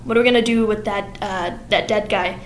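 A woman's voice: mid-range voice, fairly even intonation, brisk, reverberant, a little hiss or hum, lightly acted. A woman voicing a cheery, scheming female pie shop owner in a bubbly, chatty way. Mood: chirpy.

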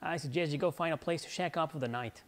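A man's voice: fairly high pitch, fast talker, close to an everyday voice. A man voicing a cocky teenage girl thief in a mock British accent, brash and teasing.

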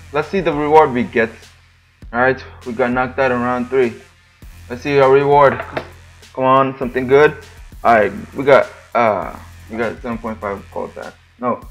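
Hosting his gaming channel, a young man gives excitable live commentary on a football match, frequently complaining and shouting or groaning at what happens on the field. His voice sits in the mid range.

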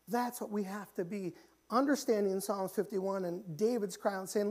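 A man preaching a church sermon, often repeating and restarting phrases and rising in pitch and volume when he reaches the pleading passages. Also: fairly even intonation, moderate pace. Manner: grows louder and higher when pleading passages. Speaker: pastor. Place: church sanctuary.

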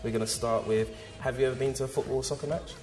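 A man's voice: medium pitch, steady tone, very fast. A man co-hosting an interview, asking playful, teasing questions. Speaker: interview co-host. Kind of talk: casual interview chat. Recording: echoey studio with music.

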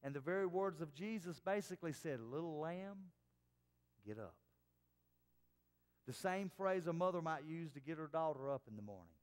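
A man preaching a sermon as pastor, dropping to soft, hushed tones for quoted words. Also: fairly high pitch, fast talker, few pauses, in a large hall. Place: church sanctuary.

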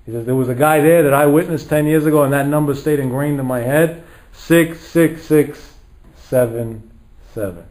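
A man's voice: on the high side, steady tone, quick pace, a little mellow, poor audio. Dramatic storytelling rabbi, man. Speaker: rabbi lecturer. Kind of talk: storytelling sermon.

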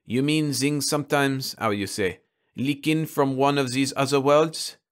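A man's voice: mid-range voice, measured pace, voice pushed up, lightly acted. A man voicing a polite, curious stranger from elsewhere who searches for his words. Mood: inquisitive. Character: foreign-sounding male stranger, polite and curious.

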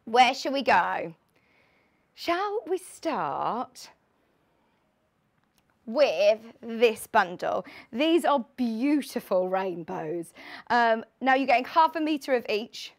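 A woman in her late twenties presenting a live sewing shopping show from a studio, chatty, bubbly and excitable. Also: a little high, takes it slowly, creaky. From United Kingdom. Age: late 20s.

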